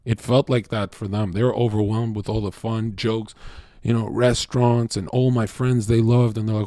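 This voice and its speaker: A man's voice: medium pitch, fairly even intonation, moderate pace, a little mellow, no room sound, studio quality. Crude, rambling male livestreamer. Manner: crude, profane and confessional, with stammered restarts. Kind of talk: casual unscripted stream monologue.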